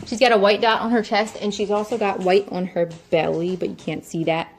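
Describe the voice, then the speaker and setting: Young woman chatting about her cats at home, casual vlog, breaks into squeaky baby talk. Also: level tone, fairly quick. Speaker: vlogger. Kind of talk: casual pet introduction vlog. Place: home, indoors.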